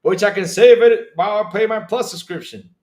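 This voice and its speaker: A man hosting a casual opinionated livestream, excitable and animated, swearing freely and jumping up in pitch when worked up. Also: brisk, a little hiss or hum. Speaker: podcast host streaming to chat. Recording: echoey room.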